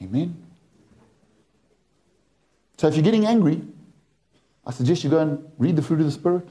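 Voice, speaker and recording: A man's voice: fairly high pitch, expressive, normal speed, dark tone. A man from England preaching a sermon, storytelling with humor to a church. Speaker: pastor.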